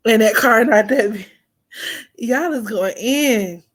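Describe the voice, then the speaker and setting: A woman's voice: a little high, takes it slowly. A woman hosting an astrology livestream, chatting casually and teasing with frequent laughter. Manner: playful, teasing, laughs often, drops to near-whisper.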